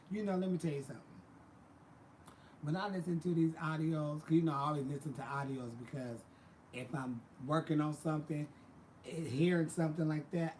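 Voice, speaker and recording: A man's voice: on the high side, darkish tone, a little hiss or hum. A man hosting a casual livestream, chatting sassily with viewers and calling them baby and honey. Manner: sassy, chatty, calls people baby and honey. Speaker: livestream host.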